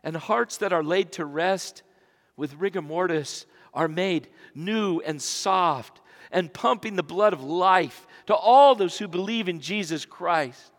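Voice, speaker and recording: A man preaching a sermon as pastor in a church sanctuary, swinging between loud emphatic passages and hushed near-whispers. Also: on the high side. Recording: long reverb of a large church.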